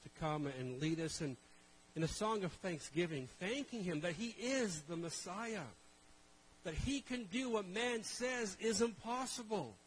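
Animated preacher with a slightly high voice. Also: male voice, unhurried, slight background noise, rough recording. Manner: animated storytelling, calls to the congregation. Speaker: pastor. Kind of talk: sermon.

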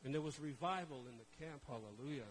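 A Canadian man preaching a sermon, joking and telling stories in an animated way. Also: a little high, fast talker, slight background noise, low-quality recording. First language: Portuguese. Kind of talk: humorous sermon.

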